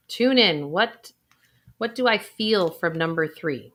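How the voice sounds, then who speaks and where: A woman in her thirties, a financial planner, leading a slow guided exercise on feeling out money decisions. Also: fairly low pitch, expressive, fairly bright tone.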